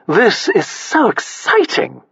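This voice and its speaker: A man's voice: sing-song, a bit bright, no room sound, exaggerated voice. A man voicing a gushing society matron. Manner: high, drawn-out, through clenched teeth. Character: gushing upper-crust middle-aged woman. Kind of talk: audiobook character voice. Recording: dull, slightly muffled.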